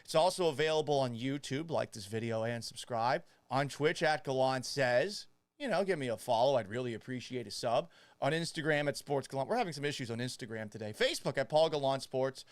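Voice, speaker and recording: A man's voice: medium pitch, lively intonation, brisk, no room sound. A man in his thirties hosting a sports podcast, talking casually in a joking, self-mocking way. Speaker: podcast host. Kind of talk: casual sports talk monologue.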